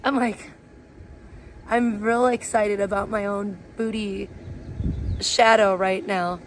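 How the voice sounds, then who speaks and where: A woman live streamer ranting in blunt, crude, gossipy chat and sometimes breaking into high playful chants. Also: fairly even intonation, slow pace, pauses often, a little hiss or hum. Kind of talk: casual IRL livestream chat.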